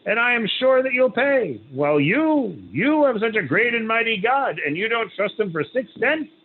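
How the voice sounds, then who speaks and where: A man doing a rabbi disguised as a gruff peasant. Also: extremely high pitch, big pitch swings, moderate pace, voice pushed up, exaggerated voice. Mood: reproachful. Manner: gently reproachful. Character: pious male rabbi disguised as a peasant woodseller, stern but kind. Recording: tinny phone-like line, faint hiss.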